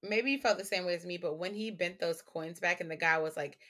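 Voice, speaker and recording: A woman co-hosting a podcast in casual chat, reacting in a relaxed, amused way. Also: lowish voice, fairly quick. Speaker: podcast co-host. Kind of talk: casual anime review chat.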